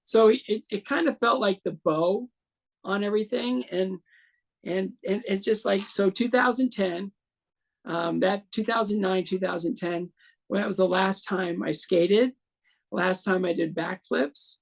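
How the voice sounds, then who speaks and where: A man's voice: high-pitched, a little slow, creaky. A man in his sixties, a guest in an interview, telling a long story and acting out the other voices in it. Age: 60s.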